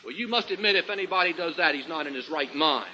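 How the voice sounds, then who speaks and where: A man's voice: on the high side, lively intonation, quick pace, pushed and bright. A man preaching a sermon to a congregation, with emphatic rising and falling delivery. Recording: lo-fi recording with long hall reverb.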